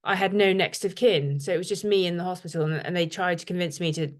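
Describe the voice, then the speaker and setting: A middle-aged woman from the UK with a British accent, telling her own story to a support group in a frank, self-deprecating way, pausing often with "um". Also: lowish voice, steady tone. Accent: British English. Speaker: guest speaker sharing lived experience. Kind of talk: personal testimony to a support group.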